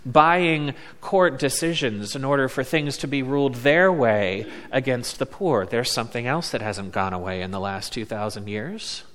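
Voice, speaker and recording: A man preaching a sermon as a pastor, slow and deliberate, leaning on words with emphatic pauses. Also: mid-range voice, lively intonation, fairly bright tone. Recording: long reverb of a large hall.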